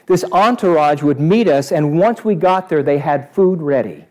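A man preaching a sermon to a live congregation, animated and asking them questions. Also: on the high side, moderate pace. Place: church service before a congregation.

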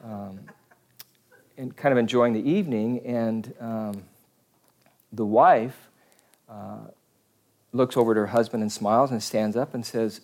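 A priest giving a homily, telling jokes in a conversational storytelling manner with pauses. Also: male voice, on the low side, fairly even intonation, a little mellow.

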